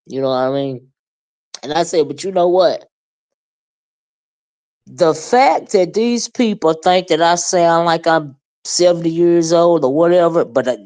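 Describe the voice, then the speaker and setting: A woman's voice: deep voice, a little mellow. A woman in her fifties talking casually into the camera, folksy and plain-spoken, with frequent asides like "you know what I mean". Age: 50s. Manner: folksy, Southern-flavored talk with lots of "you know what I mean" and "child"; sounds older than her age, called a surly old bird by herself. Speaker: vlogger addressing a fellow creator. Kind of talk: casual monologue.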